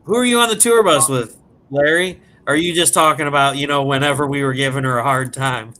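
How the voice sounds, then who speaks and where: A man telling a prank story in animated, casual, profane chat as a podcast guest. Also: medium pitch, a little fast. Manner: animated, profane, laughs at his own story.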